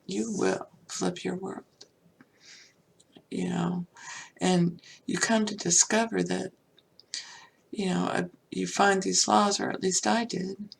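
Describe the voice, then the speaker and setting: A woman's voice: medium pitch, little pitch movement, slow pace, creaky, pauses often, slight background noise. An older woman hosting a spiritual podcast, talking personally and heartfelt in a rambling way with many fillers. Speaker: podcast host.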